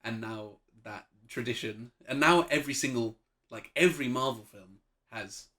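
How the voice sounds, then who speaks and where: A man's voice: mid-range voice, moderate pace, sharp tone. A man co-hosting a casual film review chat, thoughtful and wry, laughing at his own jokes.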